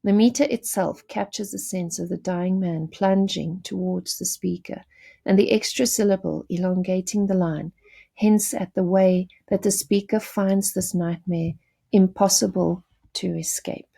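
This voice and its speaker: A woman delivers a recorded literature lesson in a measured, explanatory way, pausing now and then to correct herself. Her voice has a gravelly edge and a dark, mellow tone. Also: fairly low pitch, steady tone. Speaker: teacher.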